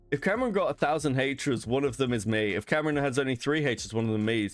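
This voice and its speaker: A man's voice: mid-range voice, expressive, fast talker, few pauses, faint music behind. A man hosting a livestream, reading messages aloud and reacting with profane disbelief. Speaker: streamer host.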